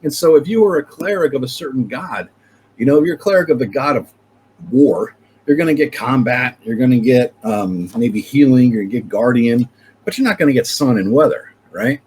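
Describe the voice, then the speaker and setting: A man's voice: fairly quick, slight background noise. A man hosting his own channel, talking casually and swearing freely as he rants. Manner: profane, animated ranting with sudden pitch jumps. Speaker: channel host. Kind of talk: casual ranting chat.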